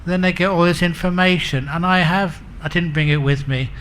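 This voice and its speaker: A man's voice: a little high, steady tone, moderate pace, a bit bright, a little hiss or hum. A man giving a Buddhist dharma talk, telling humorous stories and chuckling at his own jokes. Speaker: Buddhist monk teacher.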